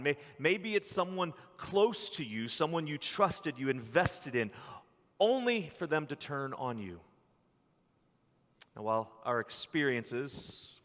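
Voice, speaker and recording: A man preaching a sermon as pastor, earnest, with long pauses and some restarts. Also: mid-range voice, a bit bright, long reverb tail. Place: church sanctuary.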